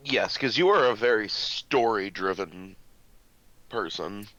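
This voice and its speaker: A man co-hosts a casual podcast, talking slowly and loosely, with a fairly low voice that rises and falls a lot. He laughs easily and stumbles through a few restarts. The sound is dry and a bit dull, lo-fi. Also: expressive, sharp tone, no room sound. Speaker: podcast co-host. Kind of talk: casual chat.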